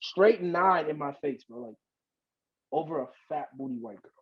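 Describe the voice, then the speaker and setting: A man who is a podcast guest, telling a story in casual chat, animated and slangy and swearing a lot. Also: a little high, moderate pace, husky, lo-fi sound.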